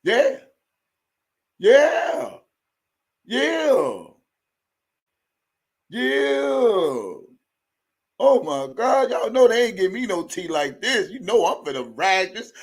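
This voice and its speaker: A man's voice: high voice, very animated, drawn-out words, pauses often. A man hosting a live stream, ranting heatedly to his viewers in a profane, fired-up way. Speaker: livestream host. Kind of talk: live commentary rant.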